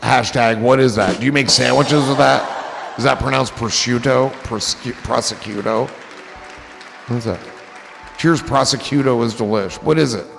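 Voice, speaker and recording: Gravelly-voiced man rambling on a stream. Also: medium pitch, normal speed, big-room sound, over music, a crowd in the background. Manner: rambling, goofy and profane. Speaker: livestream host. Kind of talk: casual livestream chat.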